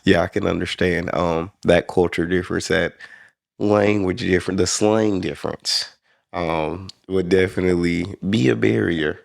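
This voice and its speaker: A man's voice: sits low, fairly even intonation, moderate pace, gravelly. A man with an American accent hosting a reaction channel, chatting casually and laughing along as he comments on a comedy clip. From United States. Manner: laid-back, chuckling, talks back to the clip.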